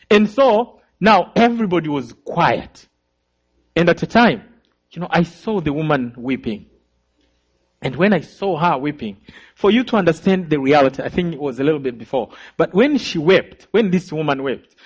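Man, Rwandan accent, earnest testimony, very animated pitch, dull lo-fi recording. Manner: earnest, vivid storytelling, addresses listeners directly. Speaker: survivor giving testimony. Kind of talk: personal testimony talk.

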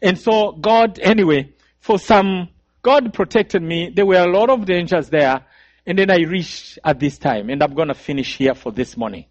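A man's voice: high-pitched, normal speed. A man preaching a sermon testimony, telling his story with emotion and repeated phrases. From Rwanda. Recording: dull, dry sound.

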